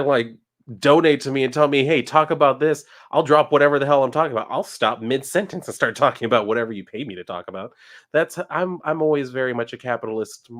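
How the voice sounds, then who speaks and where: A man live-streaming casual chat, reading viewer messages and talking animatedly with frequent swearing. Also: mid-range voice.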